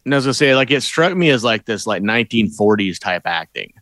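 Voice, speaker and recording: A man's voice: on the low side, lively intonation, fast talker, a bit bright, no room sound. A man in casual conversation, thinking aloud about a movie in a hesitant, thoughtful way. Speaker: podcast co-host.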